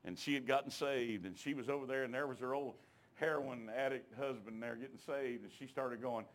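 A man's voice: medium pitch, fairly quick. Folksy preacher man. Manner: folksy storytelling, emphatic, calls out to the congregation. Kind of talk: sermon with personal testimony.

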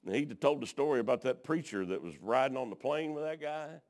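A man's voice: medium pitch, lively intonation, fairly quick, darkish tone. A middle-aged man, preaching a sermon in a folksy, colloquial, fervent storytelling style.

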